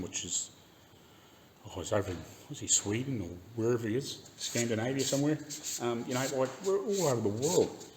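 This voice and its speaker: A man's voice: mid-range voice, a little hiss or hum. A man with a New Zealand accent ranting casually in his garage workshop, swearing freely and laughing often. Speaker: car restoration YouTuber. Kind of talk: casual rant while working in garage.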